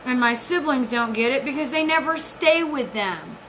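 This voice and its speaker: A woman's voice: sits high, lively intonation, moderate pace, fairly bright tone, a little hiss or hum, low-quality recording. A woman in her forties giving an intense, rambling, profane personal monologue. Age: 40s. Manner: intense, rambling, profane, jumps between topics.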